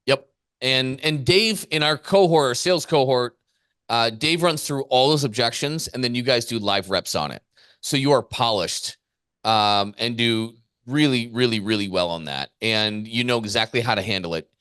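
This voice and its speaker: A man's voice: mid-range voice, moderate pace, a bit bright, clean tone, no echo, studio quality. Fired-up emphatic man on a podcast. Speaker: podcast co-host and business coach. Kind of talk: casual podcast chat.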